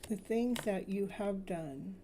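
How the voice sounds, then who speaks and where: A woman tarot reader speaking soothing spiritual affirmations, slowly repeating each phrase. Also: medium pitch, dark tone, a little hiss or hum.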